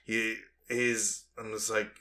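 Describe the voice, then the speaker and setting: A young man hosting a podcast, chatting casually and telling animated stories with acted-out quarrels. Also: on the low side, slow pace. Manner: animated storytelling, acts out quarrels. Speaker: podcast host. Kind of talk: casual chat.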